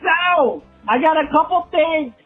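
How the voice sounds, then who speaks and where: A man voicing a rambling, excitable male caller who walks a pig, leaving a voicemail. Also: very high-pitched, a little slow, soft background music. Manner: gushing, rambling voicemail chatter. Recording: tinny phone voicemail.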